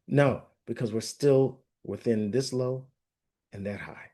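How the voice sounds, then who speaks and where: A man's voice: medium pitch, steady tone, a little slow, darkish tone. A man hosting a forex forecast, talking casually through charts with many fillers and restarts, often checking that viewers follow along. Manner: rambling, filler-heavy, asks viewers if they understand. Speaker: forex analyst host.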